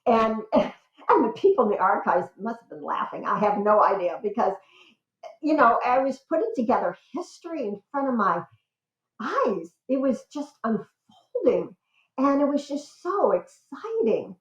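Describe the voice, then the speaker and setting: A woman's voice: a little high, moderate pace. Older woman, enthusiastic storyteller, interview chat, echoey room. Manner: enthusiastic, squeals with excitement when telling stories. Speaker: guest relations expert. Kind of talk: conversational interview. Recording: roomy, slightly dull sound.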